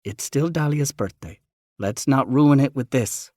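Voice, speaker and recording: A man voicing a gentle, caring middle-aged mother in an audiobook. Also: mid-range voice, a little slow, no room sound, clean studio sound, voice pushed up, lightly acted. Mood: soft.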